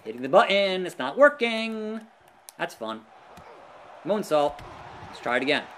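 Excitable high-voiced gaming commentator man. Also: measured pace, a little hiss or hum. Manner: excitable, groans and yells at the action. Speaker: let's play gamer. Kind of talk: live gameplay commentary.

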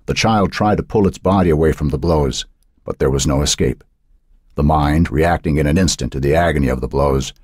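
A man narrating an audiobook in a dark, suspenseful reading style. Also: rumbling low, breathy edge, dry recording, clean studio sound. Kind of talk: scripted narration.

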